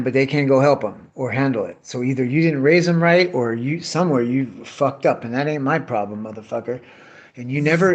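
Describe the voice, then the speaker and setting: Profane ranting man, slightly high voice. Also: fairly bright tone. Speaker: vlogger cutting bottles. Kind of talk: casual rambling chat. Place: tree care worker.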